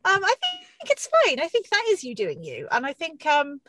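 A woman's voice: high-pitched, wildly swooping pitch, moderate pace, a bit bright, a little hiss or hum. A woman co-hosting a podcast, chatting in an enthusiastic, encouraging way and swearing freely. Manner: enthusiastic, swears freely, cheering the other host on. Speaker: podcast co-host. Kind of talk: casual chat.

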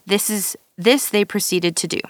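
A woman reading scripture aloud in a steady, measured way, now and then stumbling and restarting a word. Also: mid-range voice, no room sound, clean studio sound. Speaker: scripture reader.

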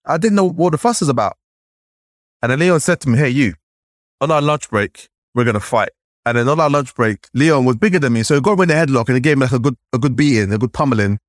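A man from Nigeria tells his story as a podcast guest, animated and full of "like". His pitch jumps around as he acts out remembered voices. The sound is dry and close, with no room around it. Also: rapid-fire, no room sound. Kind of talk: storytelling in conversation.

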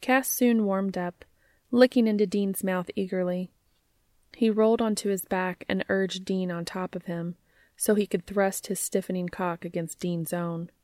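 Woman, fiction reading, steady measured pace, slightly low voice, dry close sound. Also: no echo. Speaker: narrator. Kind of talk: reading romantic fiction aloud.

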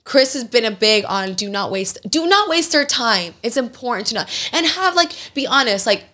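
A woman's voice: on the high side, moderate pace. A young adult woman hosting a podcast, speaking casually and animatedly, acting out the people in her stories and swearing freely. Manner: animated storytelling, acts out quoted people. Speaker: podcast host.

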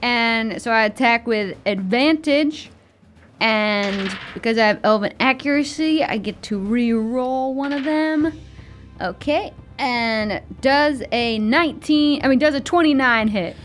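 A woman's voice: a little high, unhurried, soft background music. A woman playing a tabletop game in character, brash and swearing, with lots of laughter. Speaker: player.

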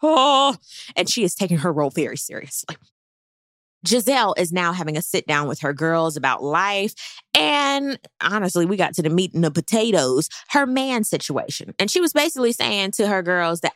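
A pregnant woman giving a blunt, sassy recap in casual chat, jumping into high mock voices. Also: big pitch swings, fairly quick, a bit bright, no room sound, clean studio sound. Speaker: reality TV recap host.

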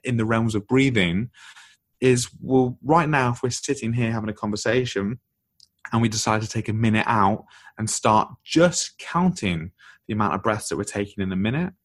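Male podcast guest, lowish voice, animated explainer, dry close-miked sound. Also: moderate pace, dry recording. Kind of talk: explanatory conversational talk.

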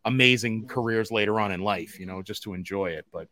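A podcast host with a fairly low voice talks a little fast in casual chat, animatedly telling stories. He laughs often and acts out quotes.

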